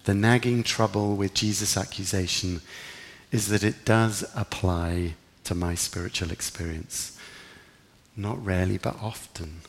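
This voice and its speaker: A man preaching in a church, his earnest and reflective delivery sitting fairly low with a gravelly edge. His words ring out with a long hall echo. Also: fairly even intonation, unhurried. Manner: earnest, reflective, rising with emphasis in quoted prayers. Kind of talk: sermon.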